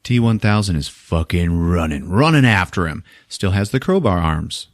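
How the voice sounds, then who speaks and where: A low-voiced man recaps a movie on his podcast, cursing freely and breaking into laughter. His pitch jumps around a lot as he tells it. The sound is dry and close. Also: moderate pace, no echo. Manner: profane, animated, laughs often. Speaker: podcast host.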